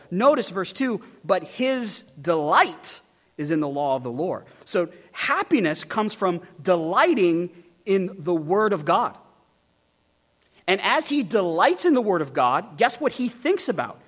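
A man preaching an expository sermon, emphatic and animated, asking the listeners many rhetorical questions. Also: high voice, measured pace. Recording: long hall reverb.

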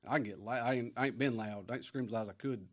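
Folksy preacher, booming then hushed. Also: male voice. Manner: folksy and conversational, swinging from hushed asides to booming emphasis; reads scripture slowly with stretched, weighty phrasing. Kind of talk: sermon.

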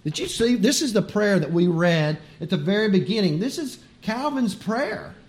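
A man's voice: sits high, very animated, normal speed. A man preaching a sermon in a conversational, emphatic way, with chuckles between his points.

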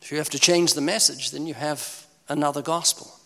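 A man's voice: a little high, steady tone, fairly quick, gravelly, fairly bright tone, in a large hall. A man preaching an emphatic, pleading evangelistic sermon.

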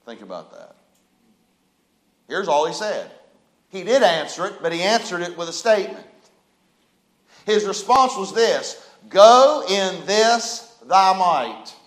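A man preaching a sermon as pastor, firing off rhetorical questions and swinging between hushed asides and loud cries. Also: high voice, sing-song, a little slow, pauses often. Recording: echoey room.

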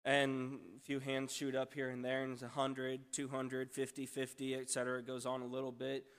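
A man's voice: medium pitch, completely flat delivery, moderate pace, clean tone. A man, a missionary, telling a church testimony in a storytelling way, breaking off and restarting often and praising God as he goes. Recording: long church hall reverb.

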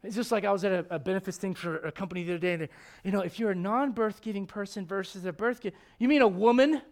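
A man with a notably high voice preaches a sermon, pressing his points with emphatic rhetorical questions. He speaks as a pastor addressing his congregation. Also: fast talker. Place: church service before a congregation.

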